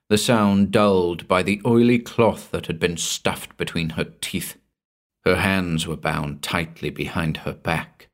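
A man reading a scripted horror story aloud in a measured, dramatic way, dropping to a hush at the ends of phrases. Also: deep voice. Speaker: narrator.

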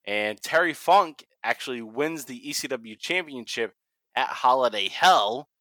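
A man's voice: medium pitch, animated, measured pace, sharp tone, no echo. A man from Massachusetts with a Boston accent, hosting a casual wrestling podcast, swearing freely and laughing often. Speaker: podcast host.

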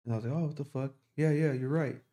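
A man's voice: medium pitch, steady tone, quick pace, warm tone. A young man in casual podcast talk, rambling through a long story with lots of swearing. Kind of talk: casual chat.

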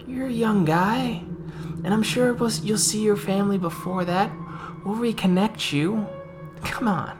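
A storyteller voicing a smooth-talking male trafficker guard who wheedles and falsely reassures a prisoner, over background music. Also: high voice, a little slow, pitched above the performer's own voice. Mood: coaxing.

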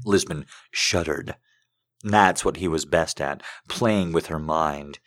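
Man with a sharp, bright voice. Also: extremely low pitch, slow. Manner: crude, profane, excitable asides. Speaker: host reading fan fiction aloud. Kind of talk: comic reading with commentary.

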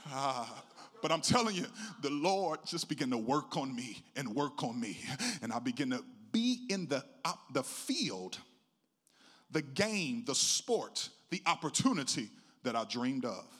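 Here a middle-aged male preacher shares a personal story from the pulpit, his sing-song delivery rising from quiet to loud. He speaks at a measured pace in a mid-range, melodic voice.

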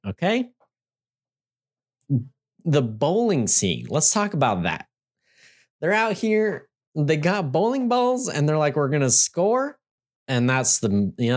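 A man co-hosting a podcast, reviewing a film in an animated, sarcastic rant that keeps asking his listener "all right?". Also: medium pitch. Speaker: podcast co-host. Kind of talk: casual movie review rant.

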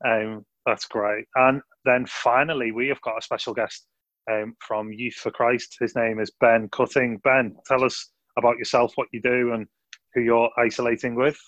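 A man's voice: mid-range voice, little pitch movement, normal speed, a bit bright, no room sound. A man with a Scouse accent hosting a youth podcast in a friendly, upbeat way, with many fillers. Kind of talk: casual podcast chat.

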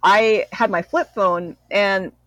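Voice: medium pitch, steady tone, takes it slowly, sharp tone, no echo, poor audio. Earnest forty-year-old podcast guest, dry sound. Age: 40s. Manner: earnest, full of fillers, acts out own past reactions. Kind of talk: casual podcast conversation.

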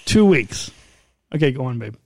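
A man's voice: mid-range voice, very animated, moderate pace, vocal fry, no echo. A man co-hosting a podcast in casual chat, playful and teasing, often cutting in. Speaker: podcast co-host. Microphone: studio mic.

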